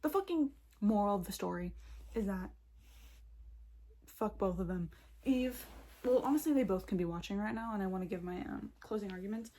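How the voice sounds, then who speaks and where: A young woman telling a heated storytime vlog into her phone, swearing often and talking fast. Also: medium pitch, lively intonation, mellow. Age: young adult.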